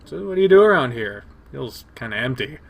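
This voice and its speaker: A man's voice: mid-range voice, big pitch swings, fairly quick, gravelly, soft background music. A man plays a wary young furry hero who fires off pointed questions. The voice rises and falls freely and stays close to his own.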